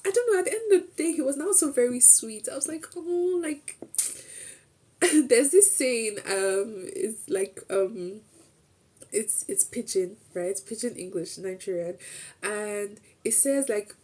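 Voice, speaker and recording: A young woman talks her viewers through her day in a relaxed, chatty way, circling back and restarting sentences as she goes. Her voice is slightly husky with a warm, mellow tone. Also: fairly high pitch, unhurried. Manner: chatty and rambling, with restarts and quoted asides. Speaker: streamer. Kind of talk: casual storytelling recap.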